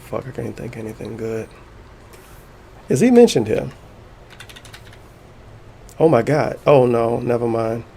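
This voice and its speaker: A man's voice: medium pitch, expressive, unhurried, creaky, pauses often, dark tone, slightly rough. A man streaming and reading posts aloud, sarcastic and mocking, with frequent swearing.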